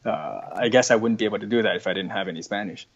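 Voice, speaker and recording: A man's voice: fairly low pitch, racing, slightly rough, lo-fi sound. A man with a North American accent, a guest chatting casually and thinking aloud, often restarting his sentences. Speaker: interview guest. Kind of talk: casual conversation.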